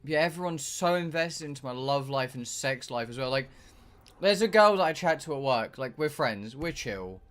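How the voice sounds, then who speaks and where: A man's voice: medium pitch, expressive, moderate pace, fairly bright tone. A young man, chatting casually and ranting with exasperation while he streams a game. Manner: ranting, exasperated, swears a lot. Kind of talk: casual chat while gaming.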